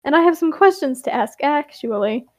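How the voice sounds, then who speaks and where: Woman doing a nosy excitable traveler girl, high, teasing, dry sound. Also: normal speed, dry recording. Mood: eager.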